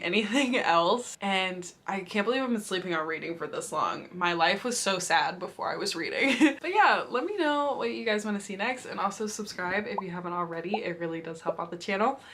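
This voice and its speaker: A woman's voice: mid-range voice, fairly bright tone. A young woman chatting casually about her favorite books, gushing and laughing often. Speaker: book vlogger. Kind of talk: casual book review chat.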